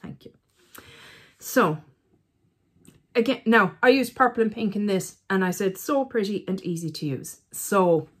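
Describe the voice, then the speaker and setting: A woman's voice: lowish voice, fairly bright tone, husky. A woman chatting casually as a beauty vlogger reviewing eyeshadows, teasing herself and talking to herself as she goes.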